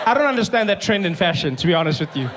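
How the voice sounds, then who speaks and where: A man's voice: high-pitched, big pitch swings, rapid-fire, in a large hall, a crowd in the background, noisy background. A man doing stand-up comedy, telling stories animatedly and asking rhetorical questions. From South Africa. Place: comedy stage before a live audience.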